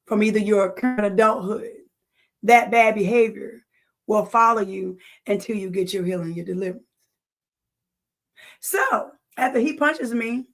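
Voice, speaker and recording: A woman's voice: mid-range voice, a bit bright. A woman giving a personal testimony to an audience, earnest, speaking to them directly and repeating phrases for emphasis.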